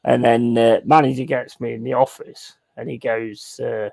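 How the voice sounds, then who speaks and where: Gravelly bloke telling a rambling story. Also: male voice, mid-range voice, steady tone, normal speed, hardly any pauses, mellow, no room sound. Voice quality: swearing, laddish storytelling. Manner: rambling anecdote with repeated asides. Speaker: streamer playing a football management game. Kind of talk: casual live-stream chat.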